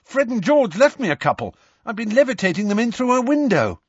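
A man's voice: very high-pitched, very animated, brisk, husky, no echo, highs cut off, pitched above the performer's own voice, heavily acted. A man voicing a cheeky teenage wizard boy who sounds sheepish.

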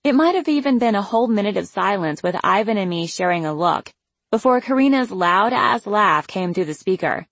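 A woman's voice: medium pitch, animated, fairly quick, no room sound. A woman narrating a novel in the first person with a casual, wry storytelling manner. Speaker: audiobook narrator.

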